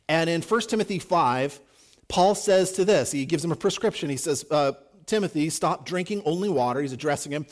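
A man's voice: fairly high pitch, fairly quick. A man preaching a sermon in a conversational, emphatic way, acting out quotes as he goes. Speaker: pastor.

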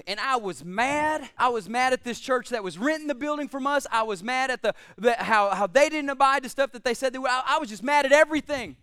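High, clear-voiced preacher. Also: male voice, fairly bright tone, no room sound, studio quality. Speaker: pastor. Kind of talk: sermon.

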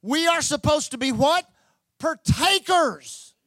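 A man preaching a sermon as pastor, building to loud, repeated calls to his church. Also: very high-pitched, lively intonation, moderate pace, no room sound. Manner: preaching with rising, shouted repetition.

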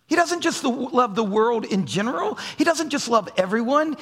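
A male pastor preaching a sermon, dropping to soft low asides and then rising to raised, emphatic lines. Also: lively intonation, normal speed, few pauses, husky. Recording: long hall reverb.

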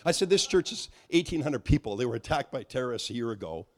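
A middle-aged man preaches a sermon, animatedly telling a story and acting out its dialogue, with frequent restarts. His voice is mid-range and fast.

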